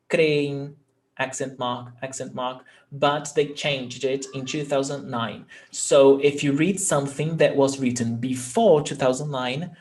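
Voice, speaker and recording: A man's voice: mid-range voice, a little mellow. A man, teaching a language class and patiently repeating example words. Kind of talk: live online class.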